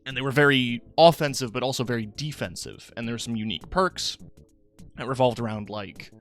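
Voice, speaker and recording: A young man with a medium-pitched voice streams live, talking fairly quickly over soft background music. Tired and yawning, he chats with his audience in a relaxed, rambling way full of fillers.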